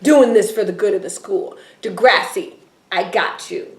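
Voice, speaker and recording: A woman's voice: mid-range voice, moderate pace, reverberant. A woman co-hosting a casual recap chat, playful and giggly, often slipping into character voices. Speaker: podcast co-host recapping a TV episode. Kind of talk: casual chat with acted-out quotes.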